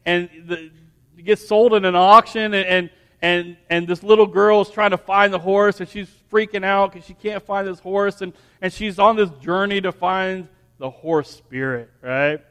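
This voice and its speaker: A man with a high voice preaches from the front of a church, telling a homely story that stumbles over repeated ands and restarts. His delivery then builds into firm, emphatic sermon lines. The sound rings with a long reverb from a large hall. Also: steady tone, moderate pace, a bit bright, smooth. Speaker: pastor.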